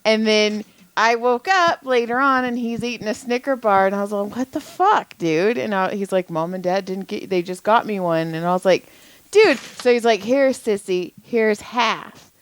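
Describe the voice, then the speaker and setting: A blunt woman co-hosting a casual podcast, cursing freely as she tells her stories. Her voice sits at a middle pitch. The sound is close and dry. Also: normal speed, clear, resonant tone, dry recording. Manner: blunt, swears a lot, animated storytelling. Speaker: podcast co-host. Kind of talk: casual chat.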